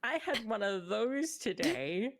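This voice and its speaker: A woman's voice: fairly high pitch, animated, slow pace, creaky. A woman chatting casually on a stream, laughing often.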